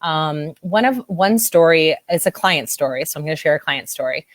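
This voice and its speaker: A woman's voice: sits low, expressive, normal speed, no echo, clean studio sound. A woman body-image coach telling a client story in an interview, emotional and teary, gushing as she quotes herself. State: teary-eyed.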